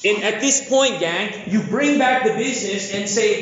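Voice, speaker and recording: A man from the Philippines giving an energetic, jokey conference keynote, often asking the audience questions. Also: sits high, unhurried. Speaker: keynote speaker. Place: large conference hall. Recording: echoey hall, dull lo-fi sound.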